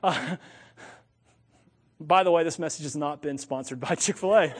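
A man with a high voice preaching a sermon, swinging between loud, emphatic points and low, joking asides. His voice rings through a church sanctuary with a long reverb. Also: measured pace, slightly rough. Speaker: pastor.

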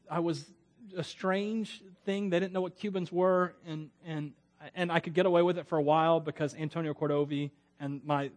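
A pastor from Florida delivering a sermon in a loose, conversational style. He wanders into side stories and chuckles often, and his male voice sits a little higher than most men's. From Florida, USA.

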